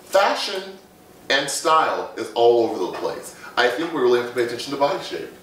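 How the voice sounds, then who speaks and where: A man's voice: mid-range voice, sing-song, a little fast, a bit bright. A man who works as a fashion image consultant, giving confident advice on a talk show in lists and short punchy phrases. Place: Las Vegas. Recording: echoey room, far from the mic.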